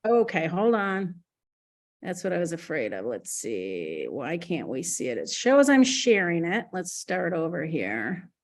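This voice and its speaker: Woman, webinar presenter, chatty, lowish pitch, animated. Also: measured pace. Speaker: product presenter.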